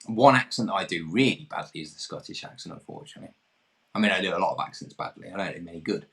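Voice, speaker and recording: Man, quiz host, deep-ish voice, very animated delivery, jokey, self-mocking. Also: fast talker, gravelly. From England. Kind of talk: hosting an online pub quiz.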